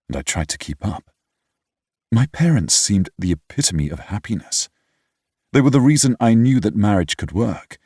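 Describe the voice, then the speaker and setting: Deep husky British male narrator. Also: darkish tone, dry recording, studio quality. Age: young adult. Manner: reflective, wry, slightly pompous. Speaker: audiobook narrator. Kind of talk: first-person audiobook narration.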